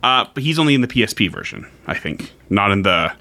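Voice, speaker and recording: A man's voice: lowish voice, fast. A man co-hosting a casual podcast chat, talking with enthusiasm and laughing often. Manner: lively and enthusiastic, with frequent laughter. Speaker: podcast co-host. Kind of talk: casual chat about games and films.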